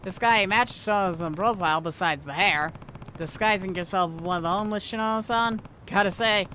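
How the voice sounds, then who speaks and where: Streamer, bright voice, casual gameplay commentary, reads dialogue flatly, wry asides. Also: medium pitch, moderate pace, slight background noise. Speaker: streamer playing a video game.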